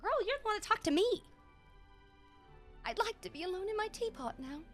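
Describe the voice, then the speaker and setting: A woman's voice: very high voice, animated, brisk, fairly bright tone, soft background music, voice pushed up. A woman voicing a sad, withdrawn young girl in a cozy life game, speaking mournfully. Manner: mournful, reluctant.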